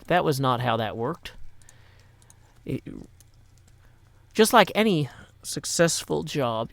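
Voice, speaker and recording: A man's voice: on the high side, vocal fry, no echo. A man from Nashville, Tennessee, hosting a casual live game stream, playful with rhyming asides, tired after a long day. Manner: playful, rhyming asides and quick number-talk.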